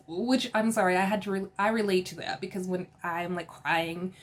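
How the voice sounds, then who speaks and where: Sassy, animated woman vlogger. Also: fairly high pitch, brisk, few pauses. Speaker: reality TV recap vlogger. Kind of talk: casual opinionated recap.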